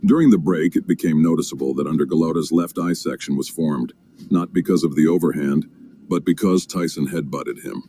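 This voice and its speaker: A man narrating a sports documentary in a steady, measured way. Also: rumbling low, slight background noise. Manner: steady, measured storytelling with occasional fillers.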